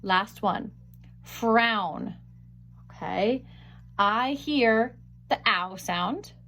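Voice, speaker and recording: A woman with a fairly high voice teaches a phonics lesson. She sounds out each word slowly and carefully, stretching the vowel sounds. She is picked up by a webcam mic. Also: a bit bright. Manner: slow, careful sounding out of words.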